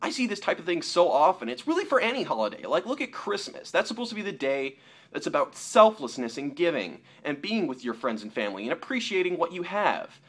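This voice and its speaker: A young man delivers an opinion vlog with a lively, swinging pitch. He argues his point at length and imitates the people he disagrees with in a lower, mocking tone. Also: a little fast. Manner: animated, mocking quotes in a lower voice. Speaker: YouTuber.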